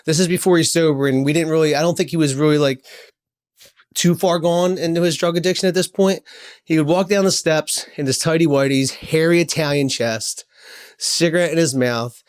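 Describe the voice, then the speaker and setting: A man's voice: fairly high pitch, moderate pace. A man in his forties telling personal stories in a heartfelt, rambling way, repeating himself and swearing casually. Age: 40s. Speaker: podcast host. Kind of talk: personal storytelling monologue.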